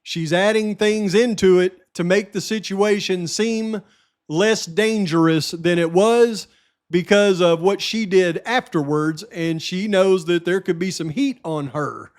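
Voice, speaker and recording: High-voiced man giving emphatic commentary. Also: measured pace. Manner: emphatic, repeats points, talks straight to viewers. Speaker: true-crime channel host. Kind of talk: casual case commentary.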